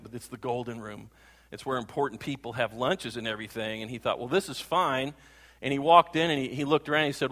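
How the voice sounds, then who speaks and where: A man preaching a sermon as a pastor, telling a story in an animated way and acting out the voices of the people in it. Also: medium pitch. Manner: animated, acts out voices and sings. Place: church hall. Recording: long hall reverb.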